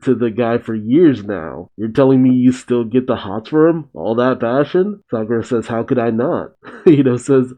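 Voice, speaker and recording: A man's voice: mid-range voice, moderate pace, highs cut off. A man hosting a manga reaction, reading the panels aloud and breaking in with casual, playful asides and frequent laughs.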